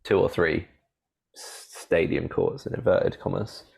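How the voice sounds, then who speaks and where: A man with a very low, deep voice co-hosts a relaxed podcast. He talks in a rambling, halting way, with many fillers and restarts. He laughs easily as he sets a quiz for his co-host. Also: creaky, husky. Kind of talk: casual podcast chat.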